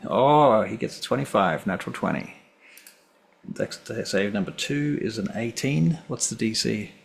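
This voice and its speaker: A man's voice: on the low side, animated, a little slow, vocal fry, slightly rough. A man running a tabletop game as game master, easygoing and thinking aloud as he tallies dice.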